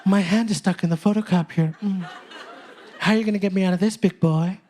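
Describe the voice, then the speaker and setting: A man voicing a flirtatious woman from a cheesy porn plot, with a breathy, exaggerated delivery. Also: high-pitched, steady tone, brisk, a little mellow, close to an everyday voice. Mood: mock sultry. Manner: sultry, breathy, over-the-top.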